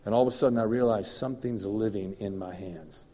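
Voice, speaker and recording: A man, a guest minister, preaching a sermon full of personal stories, animated, chuckling and making sound effects as he tells them. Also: fairly low pitch, brisk. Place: church meeting hall. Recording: dull echoey church hall recording.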